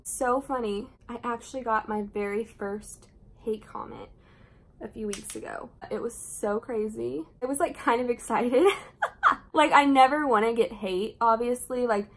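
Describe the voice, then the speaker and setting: A woman's voice: fairly high pitch, measured pace. A young woman with a Southern US accent, chatting casually and rambling while she does her makeup at home. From Southern Indiana, USA. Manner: chatty, rambling, frequent laughs and asides. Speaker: beauty vlogger. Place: indoors at home, doing makeup.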